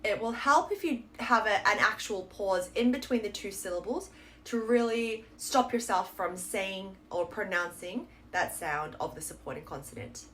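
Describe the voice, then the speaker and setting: A woman's voice: mid-range voice, lively intonation, a bit bright. Patient woman teaching pronunciation. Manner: clear, patient explaining with slow model words. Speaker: Korean language teacher. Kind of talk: pronunciation lesson.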